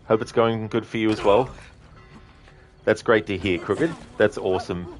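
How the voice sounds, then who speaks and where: Deep-voiced relaxed man chatting on stream. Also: normal speed, soft background music. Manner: relaxed, friendly, rambling with fillers. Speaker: game streamer. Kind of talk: casual chat with viewers over gameplay.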